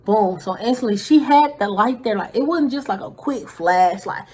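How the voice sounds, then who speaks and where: A woman's voice: mid-range voice, animated, normal speed, a little mellow. A woman vlogger telling a casual story full of slang and swearing, who sometimes drops into whispers to act out scenes.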